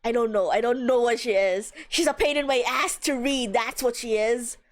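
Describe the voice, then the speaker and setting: A woman's voice: on the high side, moderate pace. A woman streamer who reads a game aloud and comments on it in a casual, blunt way, swearing now and then. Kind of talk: live game read-along with commentary.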